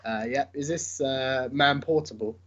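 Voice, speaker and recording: A man's voice: medium pitch, measured pace, fairly bright tone, a little hiss or hum. A man playing in a tabletop game, eagerly describing his character's moves and calling out dice rolls. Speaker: player. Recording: dull lo-fi mic.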